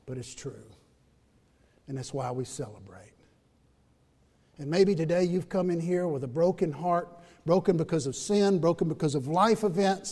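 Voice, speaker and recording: A man preaching a sermon in a church, rising to loud emphatic peaks and dropping to hushed asides. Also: on the high side, animated, normal speed, slightly rough, long reverb tail. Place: church building during a worship service.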